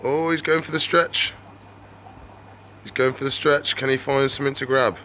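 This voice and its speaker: A man chats casually on camera and keeps talking to his animals. His voice is bright and forward. A faint hum of background noise sits under it. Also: medium pitch, steady tone, normal speed, lo-fi sound. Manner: chatty, talks to his animals. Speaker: reptile shop owner. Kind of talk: casual vlog chat.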